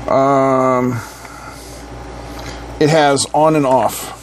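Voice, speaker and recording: A man's voice: medium pitch, fairly even intonation, very slow, a little hiss or hum. A man hosting an electronics teardown, talking casually with wry, sarcastic asides and little hums. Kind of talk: casual hands-on teardown commentary.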